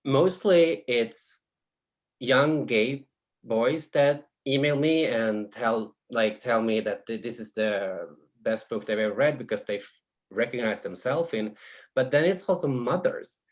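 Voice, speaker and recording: A man from Sweden, an author, speaking softly and hesitantly with many restarts on a video call panel. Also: mid-range voice, unhurried.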